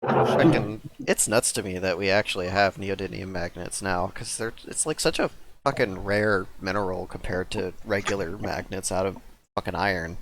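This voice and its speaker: Male player, low and gravelly, blunt, foul-mouthed. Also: moderate pace, a bit bright, slight background noise. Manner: swears constantly, loose and blunt. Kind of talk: casual chat at a game table.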